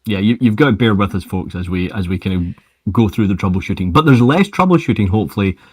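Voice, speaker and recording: A man's voice: fairly low pitch, animated, fast, no echo. A man hosting a live stream on a lavalier mic, upbeat and rambling, talking to viewers as folks. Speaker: host of a live portfolio review stream. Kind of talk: casual live-stream chat.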